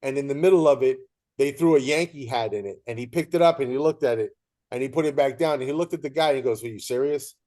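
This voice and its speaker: A man hosting a casual interview, telling lively anecdotes and acting out what people said. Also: medium pitch, fast. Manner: animated storyteller, acts out quoted voices. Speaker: host.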